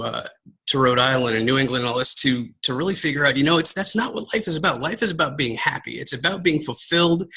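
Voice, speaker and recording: A man from Southern Texas giving a casual motivational talk to his team, energetic and rambling, repeating words and calling his viewers guys. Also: medium pitch, slightly rough, low-quality recording. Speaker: team coach giving a live video talk.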